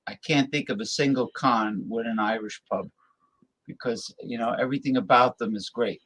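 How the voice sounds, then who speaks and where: A man's voice: medium pitch, breathy edge. A man talking casually from his home desktop, rambling with many restarts. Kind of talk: casual chat. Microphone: desktop computer mic.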